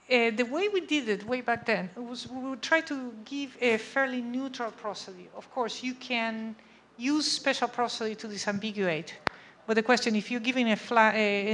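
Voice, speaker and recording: Her voice is on the high side with a fairly bright tone as she gives an academic lecture in a lecture room. She keeps a conversational manner, checking in with frequent "okay?" and "right?", over slight background noise.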